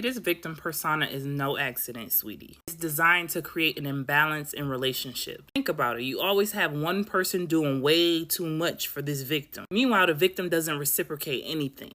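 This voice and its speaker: A woman's voice: sits low, bright, forceful tone. A woman giving a sassy, blunt motivational monologue as a vlogger. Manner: sassy, preachy, slangy.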